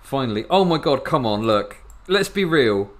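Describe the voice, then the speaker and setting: Man, streamer, casual reaction chat, rambling, restarts mid-sentence, mid pitch. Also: sing-song, moderate pace. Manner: rambling, restarts often, laughs a lot.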